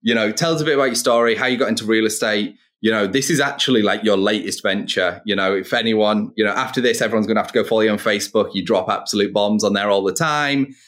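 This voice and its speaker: Male podcast host, upbeat and encouraging, a lower voice. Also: fast, hardly any pauses, a bit bright. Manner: upbeat, hyping up the guest. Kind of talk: casual interview.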